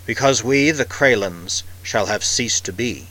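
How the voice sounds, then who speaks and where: A man reading the part of an old male alien tribal elder, speaking slowly in a heavy, distant voice. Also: on the low side, expressive, pushed and bright, exaggerated voice. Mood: grave.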